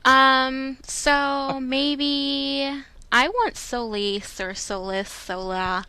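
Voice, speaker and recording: Woman co-host, high bright voice, slow and giggly with lots of ums. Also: steady tone, clear, resonant tone, dry recording. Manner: giggly, filler-heavy. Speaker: podcast co-host. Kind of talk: casual podcast banter.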